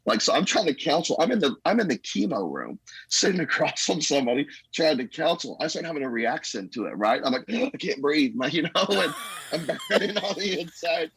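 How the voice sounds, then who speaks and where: A man's voice: fairly high pitch, very animated, a little fast, a bit bright, breathy edge, no echo, low-quality recording. A middle-aged pastor, telling his story in an earnest, rambling, folksy way. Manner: earnest, rambling, folksy testimony with 'man' fillers. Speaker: pastor, podcast guest. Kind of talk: casual conversational storytelling.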